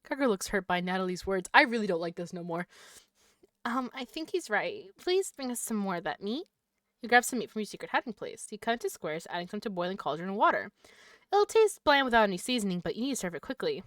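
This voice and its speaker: A woman streaming a horror game, reading its text aloud in a low voice and breaking into loud, startled swearing. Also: very animated, a little fast, dry recording, clean studio sound. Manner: reads narration quietly, then reacts with loud startled swearing.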